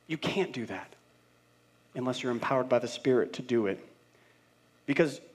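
A middle-aged male pastor preaching a sermon with earnest, building repetition, swinging between loud and hushed passages. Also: medium pitch. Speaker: senior pastor.

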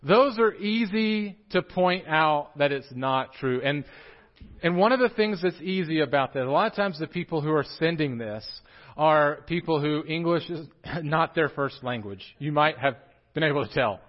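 A young man with a drawl preaches in a church, chatting and joking with his congregation. His voice sits a touch high. The recording is muffled and lo-fi. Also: moderate pace. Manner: joking, animated, talks straight to the congregation. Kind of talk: casual sermon with humor. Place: church sanctuary.

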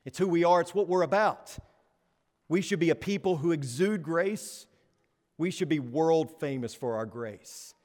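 A man preaching a sermon to a congregation, emphatic, pressing rhetorical questions and swinging between soft and loud. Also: fairly high pitch, expressive, a little slow. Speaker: pastor. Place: church sanctuary. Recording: long hall reverb.

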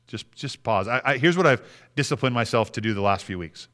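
A man's voice: mid-range voice, expressive, brisk, a bit bright. A man preaching a sermon in a conversational way, often restarting words and acting out prayers. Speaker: pastor.

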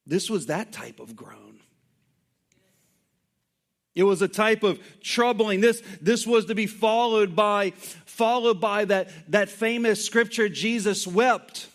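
A man's voice: high voice, slow. A male pastor preaching a sermon in an emphatic, conversational way, full of rhetorical questions and asides.

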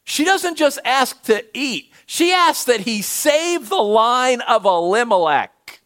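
Animated, lively-pitched male preacher. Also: slow. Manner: animated, swings from loud to hushed. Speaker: pastor. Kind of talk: sermon.

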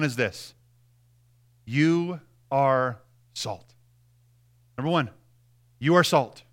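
A man's voice: medium pitch, fairly bright tone. A man preaching a sermon, emphatic and direct, repeating key phrases and speaking straight to the congregation.

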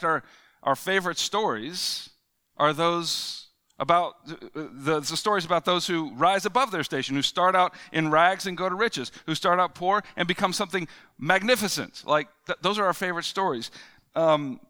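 A man's voice: a little high, sharp tone. A man preaching a conversational sermon, reading scripture and explaining it with casual fillers and restarts. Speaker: pastor.

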